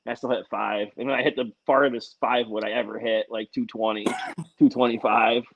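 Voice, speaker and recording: A man's voice: mid-range voice, flat delivery, a little fast. Laid-back guy on a golf podcast, muffled lo-fi sound, lots of "bro". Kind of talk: casual chat. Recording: dull lo-fi sound.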